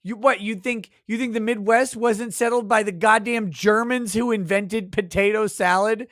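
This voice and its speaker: A man's voice: high-pitched, steady tone, moderate pace, a bit bright, no room sound, studio quality. A man hosting a livestream, in a casual, profane rant, crude and mocking. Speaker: livestream host.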